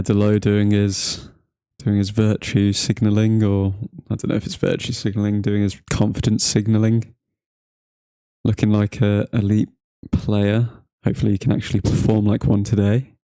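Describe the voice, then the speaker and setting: A young Englishman hosts a football watchalong livestream, chatting casually with viewers and often joking and laughing. His voice is fairly low and mellow, with a flat delivery at a moderate pace, in a dry recording.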